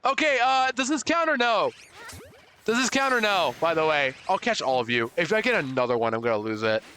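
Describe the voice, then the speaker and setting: A young man streaming a game live, chatting with viewers and loudly overreacting to surprises. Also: fairly high pitch, big pitch swings, fairly quick, a little hiss or hum.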